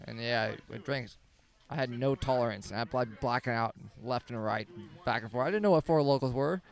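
A man's voice: medium pitch, fairly quick, creaky, clear, resonant tone. A young man, once a Marine, telling crude drinking stories in a drawling, profane manner. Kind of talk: crude casual banter.

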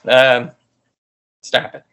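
A man co-hosting a podcast casually recaps a movie with his partner, speaking extremely slowly in a bright, forceful tone. He laughs a lot, swears freely, and acts out scenes with quoted lines.

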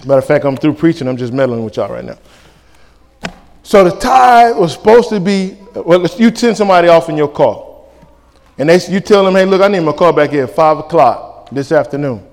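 High-pitched preaching man in an echoing hall. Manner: animated preaching in vernacular, acting out dialogues. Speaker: pastor. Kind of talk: sermon. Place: church sanctuary. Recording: reverberant church hall.

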